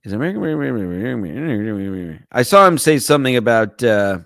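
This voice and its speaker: A man's voice: medium pitch, big pitch swings, a little slow, creaky, a bit bright, no echo, clean studio sound. Crude rambling male podcast host. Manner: crude, rambling, joking banter with chat. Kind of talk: livestream chat reading.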